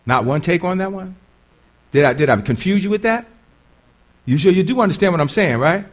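A male preacher delivers a conversational sermon, stopping often to question his listeners. His voice is high for a man and swings widely in pitch. He often restarts and repeats his words as he talks it through. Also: animated, a little fast. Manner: conversational, quizzes the congregation, repeats himself.

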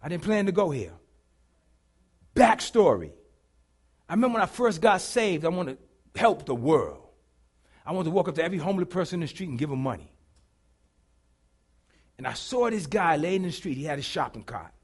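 A middle-aged man preaching a sermon, telling a story dramatically and swinging from hushed to shouting. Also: fairly high pitch, lively intonation, brisk, long pauses, slightly rough.

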